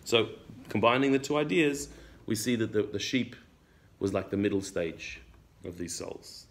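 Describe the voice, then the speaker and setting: A man's voice: fairly low pitch, expressive, moderate pace. A man teaching a religious text class. He reads Hebrew passages aloud, explains them in English, and often repeats his words as he goes. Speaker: Torah teacher.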